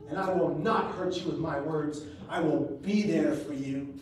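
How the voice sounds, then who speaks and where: A man giving a live motivational speech to a crowd, telling a personal story with earnest pauses and quick jokes, his voice rising high and loud at dramatic moments. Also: slight background noise. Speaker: public speaker. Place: large event room. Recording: echoey live room recorded from far off.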